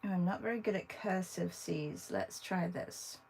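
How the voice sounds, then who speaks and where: A woman's voice: fairly low pitch, moderate pace, gravelly, a little mellow, a little hiss or hum, poor audio. A woman art teacher chatting casually with viewers while she draws, thinking aloud as she works. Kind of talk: casual livestream drawing demo.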